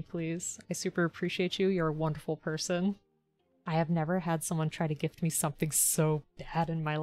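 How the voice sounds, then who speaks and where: Chatty low-voiced woman streamer. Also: dry recording. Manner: chatty, upbeat, thanks viewers warmly by turns. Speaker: live-streamer building model kits. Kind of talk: casual live-stream chat.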